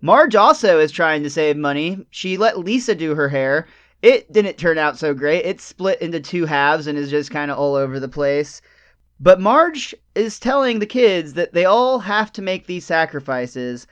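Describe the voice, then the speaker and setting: A male podcast host recaps scenes in relaxed, casual chat. His voice sits high and sounds smooth and resonant. He keeps his storytelling lively. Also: moderate pace, lo-fi sound.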